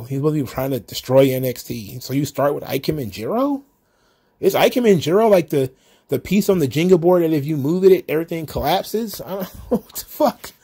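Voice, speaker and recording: A man's voice: medium pitch, warm tone, breathy edge. A man hosting a solo recap show, ranting in an exasperated, profane, casual way. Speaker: wrestling commentary host.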